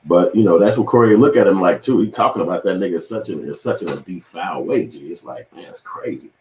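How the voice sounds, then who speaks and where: Man, channel host, low voice, fast talker, profane animated storytelling, echoey room. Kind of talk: casual commentary monologue.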